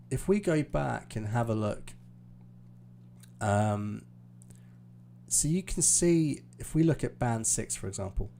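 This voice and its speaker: A man's voice: mid-range voice, creaky, darkish tone, slight background noise. A British man teaching pronunciation on a live stream lesson, explaining patiently with many fillers. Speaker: IELTS teacher.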